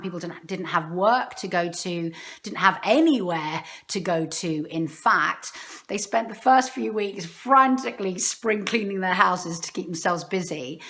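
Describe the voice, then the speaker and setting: Lively expressive woman meditation teacher. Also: medium pitch. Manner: expressive, speeds up and slows down, airy emphasis. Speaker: spiritual teacher, meditation host. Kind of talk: casual spiritual talk to camera.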